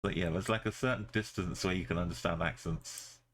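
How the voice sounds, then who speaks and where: Playing on a live stream, this man talks through his moves and banters with viewers in a relaxed way. His low-pitched voice holds a steady tone, moves fairly quickly, and has a slightly bright quality.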